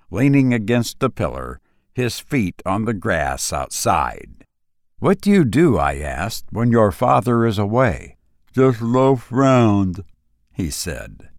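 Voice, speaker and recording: A man narrating a first-person story in a calm, measured reading voice. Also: lowish voice, no echo, studio quality.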